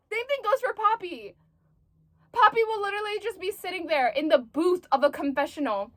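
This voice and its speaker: A woman's voice: very high voice, brisk, dry recording. A young woman in her twenties chatting animatedly about books in a casual review vlog, full of "like" fillers. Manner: chatty, animated, uses like a lot. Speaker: book reviewer.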